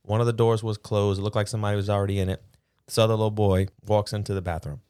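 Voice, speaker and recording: A man's voice: on the low side, very fast, clean tone. A man telling a funny story in casual chat as a podcast co-host, acting out the people in it. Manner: animated, acts out voices with a Southern drawl.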